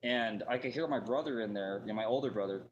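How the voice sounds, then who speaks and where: A man's voice: fairly low pitch, fast, dull audio. A man telling a personal story in a casual, rambling way, full of fillers and restarts.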